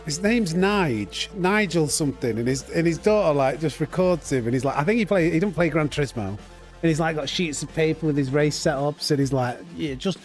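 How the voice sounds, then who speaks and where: A man with a voice pitched a little high talks loosely on a live sim racing stream. He banters, reads out viewer names and thanks them as he goes. Soft music plays faintly in the background. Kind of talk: live gaming stream chat.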